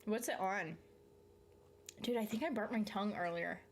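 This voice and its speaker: On a casual live stream, a woman from the Southern United States reads viewer comments and rambles through answers, swearing liberally and laughing mid-sentence. Her medium-pitched voice moves at normal speed, with slight background noise.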